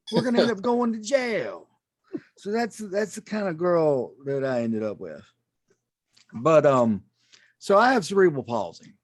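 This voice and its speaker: A man doing a stand-up comedy set on a club stage, self-deprecating and halting, with many ums and restarts. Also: mid-range voice, no echo, studio quality.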